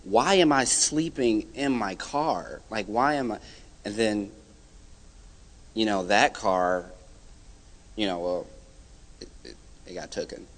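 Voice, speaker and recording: A young man giving a personal testimony at church, telling his story with lively, animated delivery and acting out the people he quotes. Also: on the low side, takes it slowly, pauses often. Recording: hall reverb.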